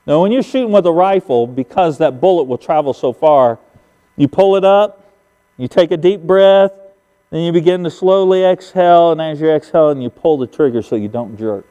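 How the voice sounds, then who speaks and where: Older male pastor, high-pitched and mellow, folksy sermon storyteller, church hall reverb. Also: lively intonation, normal speed, smooth, highs cut off. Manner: folksy storytelling, emphatic sound effects. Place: church sanctuary.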